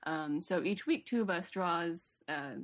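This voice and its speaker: Podcast guest, female, slightly low voice, relaxed chatty storyteller. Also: measured pace. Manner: easygoing storytelling with fillers. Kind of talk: casual chat.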